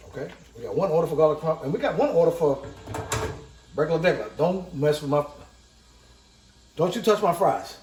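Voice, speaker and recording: A man's voice: fairly high pitch, darkish tone, slight background noise. A man hosting a casual cooking vlog in a home kitchen. He talks in a hyped, chatty way, repeats his catchphrases and calls his viewers cooks. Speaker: cooking vlogger. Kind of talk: casual cooking chat to camera. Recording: echoey room.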